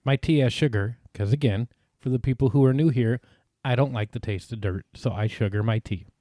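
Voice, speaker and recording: A man's voice: medium pitch, fairly quick, mellow, no echo. Dry-joking man podcast co-host. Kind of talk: casual podcast banter.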